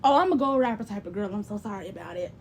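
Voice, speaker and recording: A young woman giving blunt, profane, big-sister advice in casual chat, animated and often mimicking other people's voices. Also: medium pitch, racing, a little hiss or hum. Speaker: livestream host.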